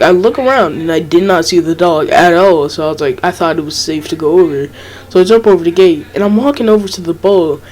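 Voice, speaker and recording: A man's voice: a little high, darkish tone, slight background noise, low-quality recording. Rambling young man telling a story. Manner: rambling, filler-heavy, laid-back. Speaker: vlogger. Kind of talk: casual story time.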